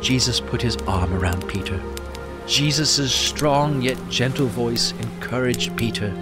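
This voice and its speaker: A man's voice: mid-range voice, measured pace. Earnest male storyteller over music. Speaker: narrator. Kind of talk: scripted Bible story narration.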